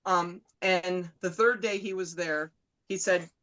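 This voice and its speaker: A woman's voice: fairly low pitch, steady tone, slow, a bit bright, low-quality recording. A middle-aged woman, a podcast guest, casually recounting events and quoting others' dialogue, with many fillers. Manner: retells events with lots of quoted dialogue and fillers. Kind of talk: casual storytelling.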